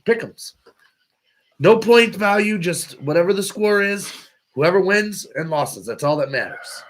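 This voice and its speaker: A man's voice: sits high, lively intonation, unhurried, slight background noise. A young man co-hosting a podcast, teasing his friends in casual chat and swearing casually. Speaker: podcast co-host.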